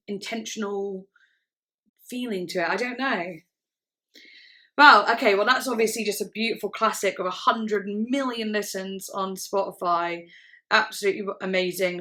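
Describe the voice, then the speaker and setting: Chatty young woman, bright voice. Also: mid-range voice. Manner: chatty and enthusiastic, sings along to snippets. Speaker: music reaction vlogger. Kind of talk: casual reaction chat. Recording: music playing faintly behind the voice. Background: song playing in the background.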